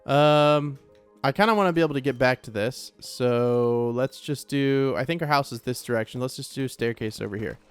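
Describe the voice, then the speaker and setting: A young man casually commenting on his own gameplay in a chatty, joking way, quick to get startled and to repeat himself. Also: medium pitch, smooth, faint music behind. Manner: chatty, jokey, easily startled, repeats phrases. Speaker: let's play gamer.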